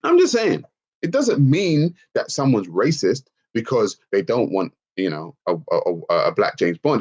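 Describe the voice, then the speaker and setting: A man's voice: mid-range voice, sing-song, measured pace, a little mellow. A man hosting a livestream Q&A, ranting emphatically and swearing freely as he answers the chat. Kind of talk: livestream Q&A rant.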